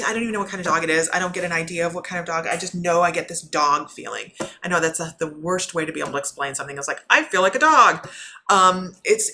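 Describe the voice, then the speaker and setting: A woman with a slightly low voice and a bright, forceful edge chats to her viewers as a spiritual medium, giving readings on a live stream. She rambles, restarts her sentences and breaks into laughter. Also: a little hiss or hum. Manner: rambling, self-interrupting, laughs often.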